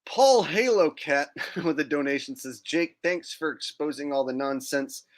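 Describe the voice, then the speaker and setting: This livestream host has a voice on the high side and takes his time. He talks casually and mockingly, with sarcasm, occasionally doing silly impressions of people.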